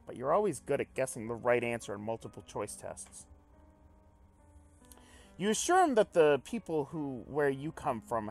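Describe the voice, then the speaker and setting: Let's play host: a man narrating a visual novel, animated, quick to swear and react. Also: medium pitch. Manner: excitable, swears, jumps between reading and reacting. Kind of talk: reading a visual novel aloud with commentary.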